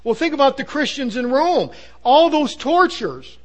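A man preaching a sermon, earnest and emphatic, sometimes dropping to a low hush. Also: big pitch swings, a little slow. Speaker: pastor.

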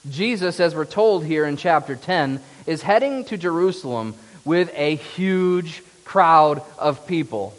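A man's voice: fairly high pitch, expressive, unhurried, hardly any pauses, big-room sound. A man preaching a sermon in an earnest, emphatic way. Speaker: pastor.

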